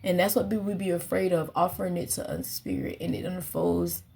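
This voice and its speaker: Gravelly low-voiced woman musing softly. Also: sing-song, a little fast. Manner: earnest, musing, repeats phrases. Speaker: astrological guide and healer. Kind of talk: casual spiritual reflection.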